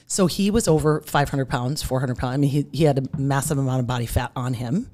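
A woman with a low-pitched voice speaks as a podcast guest, explaining nutrition with energy. She slips into quoted voices to make her points, and sounds middle-aged. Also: brisk, warm tone. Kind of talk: podcast interview.

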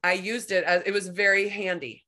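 A woman hosting a podcast, telling a personal story in a rambling, animated way, full of "like". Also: mid-range voice, moderate pace. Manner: rambling, heavy use of "like", animated retelling. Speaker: podcast host. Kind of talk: conversational storytelling.

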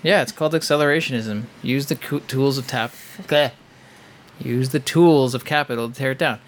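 A man's voice: medium pitch, moderate pace, slight background noise. A man co-hosting a casual podcast from his living room, joking sarcastically and swearing as he rambles. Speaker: podcast co-host. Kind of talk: casual banter. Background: fan running.

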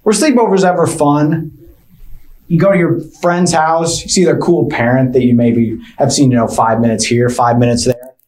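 A man's voice: mid-range voice, steady tone, moderate pace, a little mellow. Rambling, hesitant stand-up comedian man. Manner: rambling, hesitant, full of fillers and restarts, mock-awkward. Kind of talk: stand-up routine.

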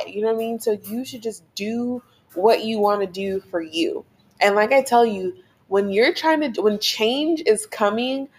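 A woman's voice: medium pitch, a little mellow. A woman hosting a casual motivational podcast, talking frankly in a chatty way with many filler phrases. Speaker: podcast host.

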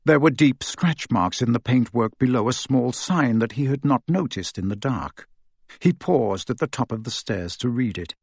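A man reading a novel aloud as audiobook narrator, in a lively storytelling manner. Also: medium pitch, moderate pace, creaky, slightly rough, no room sound. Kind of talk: scripted narration.

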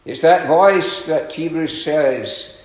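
A man preaching a sermon, earnest and deliberate, with emphatic questions, sudden drops in volume and frequent throat clearing. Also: on the high side, echoey room. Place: church.

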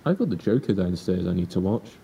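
A teenage man co-hosting a podcast, talking in a dry, deadpan way in a casual chat. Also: fast talker, gravelly. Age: teens. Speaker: podcast co-host. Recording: distant mic with faint rumble.

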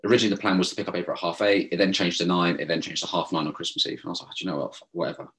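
A young man rattles through a story at speed, his voice sitting very low. He talks animatedly and swears freely, slipping into other people's voices when he quotes them, in a casual podcast chat. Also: fairly even intonation, rapid-fire, fairly bright tone. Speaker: podcast co-host.

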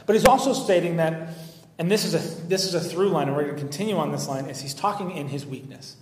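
A man's voice: fairly high pitch, a little fast. Man preaching in an echoing church hall. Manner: paraphrases scripture in a mocking, sarcastic voice; repeats words and restarts often. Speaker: pastor. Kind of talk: sermon. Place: church sanctuary. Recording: echoey hall with long reverb.

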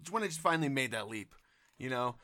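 A man playing an eager, gullible car buyer in an improvised comedy skit, excitable and quick to laugh. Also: medium pitch.

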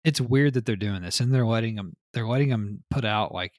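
A man's voice: fairly low pitch, fairly quick, no room sound, studio quality. A man co-hosting a casual gaming podcast, reading news items and riffing with loose, profane chatter. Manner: reads news items then riffs loosely, swears often.

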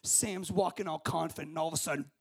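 A young man telling a story to a group as a camp speaker, acting out scenes with shouts and voices. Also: fairly high pitch, fairly even intonation, fast, creaky, breathy edge.

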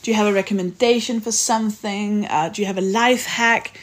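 A woman hosts her podcast and chats her way through the closing segment. She reads out a long list of supporter names in a conversational tone. Her voice sits at a mid pitch for a woman. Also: fairly even intonation, a little fast. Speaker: podcast host. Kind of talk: casual chat and read-out outro.

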